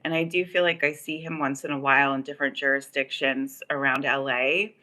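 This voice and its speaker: A woman's voice: rumbling low, flat delivery, brisk, sharp tone. A woman hosting a casual livestream, telling a long personal story in a rambling way, full of "like" and "um". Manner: rambling, filler-heavy, many "like" and "um". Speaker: livestream host. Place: Los Angeles area.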